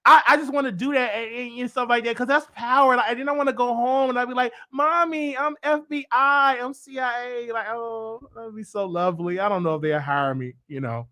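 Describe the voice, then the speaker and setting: Bright high-voiced excitable man. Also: fast talker, few pauses. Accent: Southern US. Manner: rambling, excitable, swings into loud emotional outbursts. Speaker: show host. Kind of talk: casual livestream monologue.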